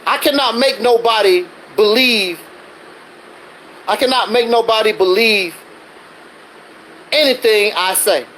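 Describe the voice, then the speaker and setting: A man's voice: high-pitched, measured pace, pauses often, a bit bright, a little hiss or hum, poor audio. A man hosting a livestream, ranting defensively in a casual monologue full of rhetorical questions. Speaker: livestreaming channel host.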